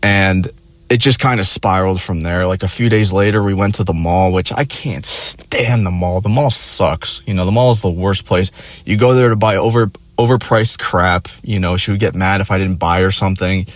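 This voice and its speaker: A young male vlogger tells a personal story casually, in a crude, profane, rambling style loaded with fillers. His voice sits low, he talks at normal speed, and the recording is dry.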